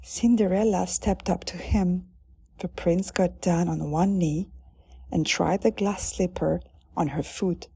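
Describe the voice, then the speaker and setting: Slow, mellow woman reading a story. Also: fairly low pitch, gravelly, husky, no echo, studio quality. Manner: calm, deliberate storytelling. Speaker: narrator.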